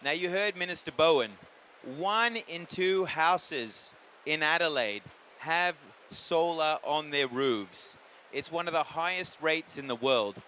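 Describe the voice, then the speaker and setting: A man's voice: fairly high pitch, takes it slowly, sharp tone, slight background noise. A man giving an upbeat conference presentation on a report, with jokey asides. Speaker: industry group representative presenting a report. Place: conference venue.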